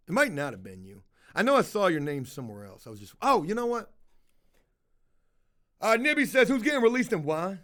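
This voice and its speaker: A man's voice: on the high side, wildly swooping pitch, moderate pace, long pauses, a bit bright. A man streaming casual commentary, reading chat aloud, rambling and swearing freely. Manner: rambling, swears a lot, slips into put-on voices.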